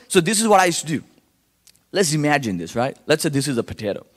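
Young Indian-accented man, warm storyteller, fairly high voice, long church reverb. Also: quick pace. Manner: animated storyteller, acts out voices in quotes. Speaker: guest speaker sharing testimony. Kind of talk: church testimony to a congregation. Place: church sanctuary.

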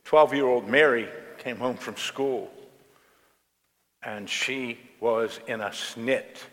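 A male pastor preaching a sermon in a church, telling stories in a slow, storytelling way. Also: medium pitch, a bit bright. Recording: long reverb of a church hall.

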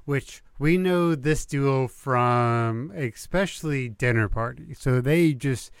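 Smooth-voiced man in casual podcast chat. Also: mid-range voice, no room sound, clean studio sound. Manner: laughing, tries quick impressions. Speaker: podcast co-host.

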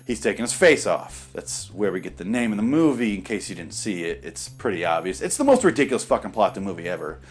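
A man's voice: fairly low pitch, big pitch swings, quick pace, hardly any pauses, breathy edge, soft background music. A man giving casual, profane and sarcastic commentary on a movie while watching it.

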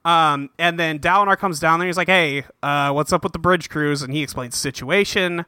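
A man's voice: on the high side, brisk, bright, forceful tone, clean tone, no room sound. A man co-hosting a podcast, retelling a book's plot in casual chat and tossing in crude, jokey voices for the characters. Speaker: podcast co-host. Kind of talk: casual book-club recap.

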